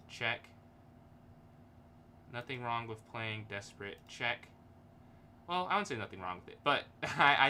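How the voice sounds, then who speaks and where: A man's voice: medium pitch, bright, forceful tone, a little hiss or hum. A man streaming a chess game, thinking aloud in casual, hesitant commentary and chuckling often.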